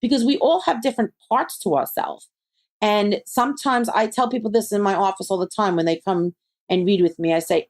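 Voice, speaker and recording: A psychic medium speaks at a moderate pace and middle pitch during a conversational podcast interview. Her storytelling is lively, with impressions of her friends, and then she shifts into giving calm advice.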